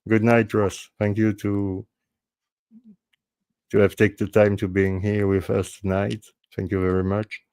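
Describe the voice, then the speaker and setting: A man with a French accent, a native French speaker hosting a panel podcast in casual chat, halting and restarting often. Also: fairly low pitch, flat delivery, a little mellow, smooth, dry recording. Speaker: podcast host.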